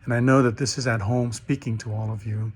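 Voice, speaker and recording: A man's voice: mid-range voice, fairly quick. A middle-aged man recording a graduation message at home. He tells a parable in a casual way, acts out the characters' quoted lines, and often starts over with fillers and repeated words. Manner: storytelling with animated quoted voices. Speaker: graduation speaker.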